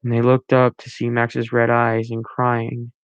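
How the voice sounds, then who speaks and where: A man reads his own story aloud at a slow, unhurried pace. His voice is gravelly, and he stumbles into restarts and self-corrections now and then. The recording is dull and lo-fi, with little room sound. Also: mid-range voice, monotone, dry recording. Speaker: amateur story reader.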